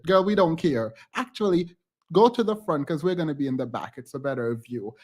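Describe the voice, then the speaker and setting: A man's voice: a little high, lively intonation, moderate pace, a little mellow. A man hosting a reaction commentary channel, talking in a sassy, emphatic and dismissive way.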